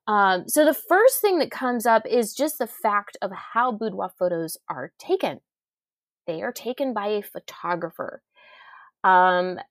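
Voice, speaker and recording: A woman hosting a solo podcast, talking casually and chattily, laughing and quoting herself in lively asides. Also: mid-range voice, no echo, clean studio sound. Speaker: podcast host.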